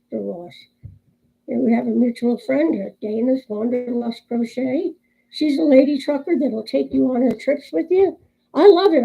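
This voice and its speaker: Gravelly older woman vlogger, chatty. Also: a little high, lo-fi sound. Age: 60s. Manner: chatty, laughs often, animated storyteller. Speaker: crochet vlogger. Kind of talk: casual chat and joke storytelling.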